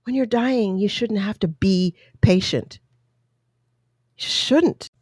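Woman, impassioned opinion talk, mid pitch, dry close sound. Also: slow, breathy edge, dry recording. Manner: impassioned, indignant, rhetorical. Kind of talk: opinion monologue.

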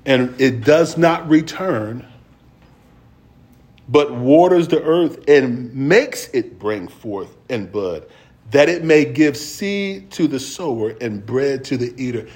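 A middle-aged man preaching a sermon, moving between slow scripture reading and quick, folksy stories broken up by laughter. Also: mid-range voice, expressive, darkish tone. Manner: reads scripture slowly, then tells stories quickly and laughs; folksy and conversational with slang.

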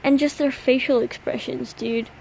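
A woman's voice: high-pitched, fairly even intonation, moderate pace, creaky, darkish tone, slight background noise, poor audio. A young woman hosting a solo podcast late at night, tired and yawning, rambling in a slangy, self-mocking way. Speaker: podcast host. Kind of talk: casual solo chat.

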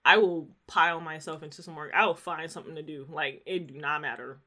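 A young woman in her twenties with a bright, forceful voice, chatting casually with a friend. She tells stories with animation and slips into the voices of the people she quotes. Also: sits low, steady tone, brisk. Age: 20s. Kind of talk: casual chat.

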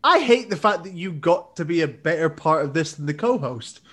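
A man's voice: a little high, lively intonation, normal speed, a bit bright, breathy edge. A man co-hosting a comic podcast, talking in a hesitant, rambling way. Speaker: podcast co-host.

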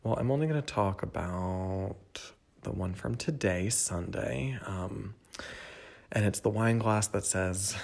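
Man, young adult, somewhat low voice, solo podcast host, rambling, candid, filler words, talks to listener, at home. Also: measured pace, creaky, darkish tone. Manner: addresses the listener directly. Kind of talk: casual solo reflection.

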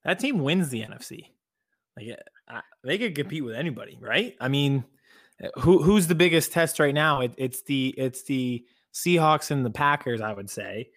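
A man co-hosting a casual sports podcast, talking in an animated, emphatic way. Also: medium pitch, moderate pace, dry recording, studio quality. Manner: animated, emphatic, catchphrase-prone. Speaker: podcast co-host.

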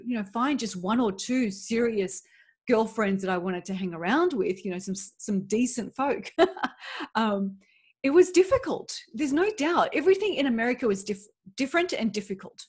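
A woman's voice: fairly high pitch, slightly rough. Chatty Australian woman podcast host. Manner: open, chatty, many "like" and "right?". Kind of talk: candid motivational monologue.

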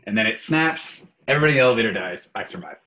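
A man's voice: mid-range voice, rapid-fire, rough recording. A man co-hosting a casual podcast, reading out riddles and running a playful tier-list segment. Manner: animated quiz-giver, playful. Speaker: podcast co-host.

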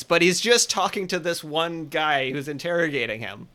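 A man in an easygoing movie podcast, earnest and animated as he tells stories. His voice sits a little high and sounds clear and resonant. His tone is bright and sharp. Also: normal speed. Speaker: podcast co-host. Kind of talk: casual movie review chat.

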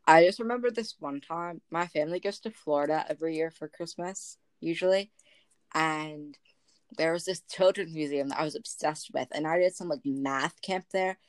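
A woman's voice: low voice, normal speed, dry recording. A teenage girl co-hosting a podcast, dry and teasing, laughing often. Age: teens. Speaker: podcast co-host. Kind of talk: casual chat.

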